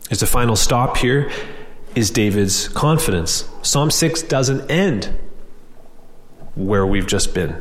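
A man's voice: medium pitch, long reverb tail. A man preaching a sermon in an earnest, direct way, often restarting and repeating words.

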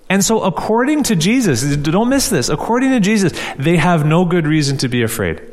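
A male pastor preaching a conversational sermon, asking rhetorical questions and repeating key phrases for emphasis. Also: fairly high pitch. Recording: long hall reverb.

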